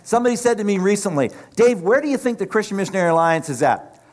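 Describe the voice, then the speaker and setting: Impassioned high-voiced male preacher. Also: lively intonation, fast talker, darkish tone. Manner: impassioned, rhythmic preaching with repeated phrases. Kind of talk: sermon.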